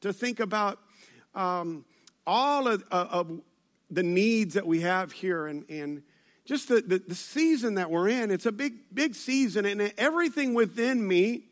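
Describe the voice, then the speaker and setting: A man's voice: sits high, animated, unhurried. A man preaching a sermon to his church, talking conversationally and joking with the congregation. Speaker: pastor. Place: church service.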